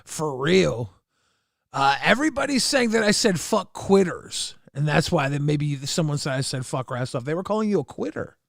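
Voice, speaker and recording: A male host on a livestream panel, needling his co-host with leading questions. His voice runs high and lively with a gravelly edge. The sound is dry and close. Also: moderate pace, no echo. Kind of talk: casual banter on a livestream panel.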